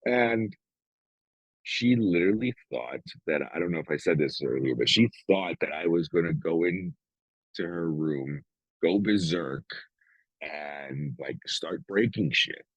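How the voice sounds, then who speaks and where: A man's voice: low voice, animated, a little slow, husky, no echo, muffled recording. A middle-aged man co-hosting a podcast, talking bluntly in casual chat, swearing often and acting out the lines of others. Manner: blunt, heavy swearing, acts out quoted dialogue. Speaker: podcast co-host.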